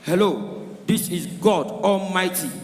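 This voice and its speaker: A man voicing God as a solemn male caller who announces himself slowly, heard from far off in an echoey hall. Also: sits high.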